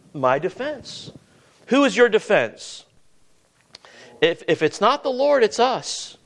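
A man's voice: sits high, very animated, takes it slowly, creaky. A man preaching a sermon, with many questions to the listeners and repeated words.

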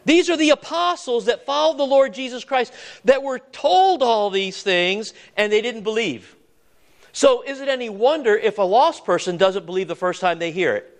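A man's voice: very high voice, normal speed. A man preaching a sermon, earnest and conversational, often restarting his words and asking the congregation questions.

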